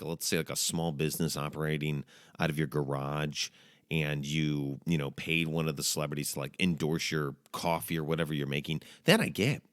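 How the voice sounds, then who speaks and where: A man's voice: extremely low pitch, no echo, studio quality. A man hosting a casual comedic monologue, talking in a jokey, mock-dramatic way with playful asides. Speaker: podcast host.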